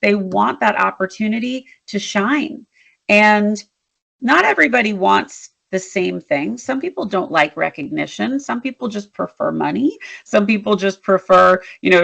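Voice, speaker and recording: A woman interview guest, a leadership strategist, telling work stories in an animated, emphatic way. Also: medium pitch, moderate pace, creaky. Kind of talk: storytelling in a conversational interview.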